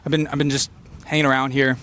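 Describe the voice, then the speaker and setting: A man doing an unfiltered stream-of-consciousness comedy monologue, rambling and fast-talking with quick tangents. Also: medium pitch, little pitch movement, a bit bright. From Filipino heritage. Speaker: comedian podcaster. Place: beach location outdoors.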